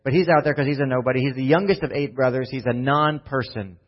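A male pastor delivers a sermon in a loose, conversational way, tossing in "right?" and "like" as he retells the story. His voice sits in a middle pitch, and the recording sounds slightly dull and lo-fi. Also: fast talker.

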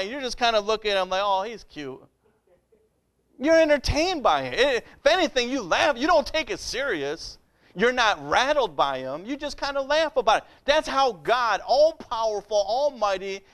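A man with a notably high-pitched voice preaches a sermon. His delivery is conversational and direct, with frequent calls of "Amen?" to draw the congregation in. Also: fairly bright tone. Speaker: pastor.

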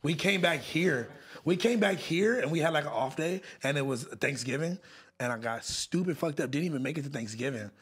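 A man's voice: fairly high pitch, a little fast, slightly rough. A young man from the Los Angeles area, co-hosting a podcast in casual, profane, slang-heavy chat. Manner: profane, slangy, laid-back storytelling. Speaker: podcast co-host.

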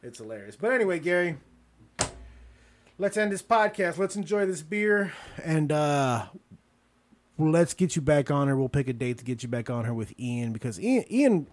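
A man hosting his podcast in casual chat, telling stories loosely with plenty of swearing and sudden loud bursts. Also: fairly high pitch, very animated, normal speed, no echo. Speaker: podcast host.

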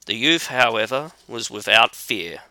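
A man reading a fairy tale aloud as an audiobook narrator, measured and deliberate, on a close mic. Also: medium pitch, animated, sharp tone, no room sound. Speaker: audiobook reader. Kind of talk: scripted storybook narration.

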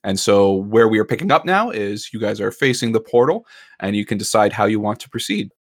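A man's voice: fairly low pitch, lively intonation, a little fast, no echo, clean studio sound. A man narrating a recap as game master of a tabletop role-playing game.

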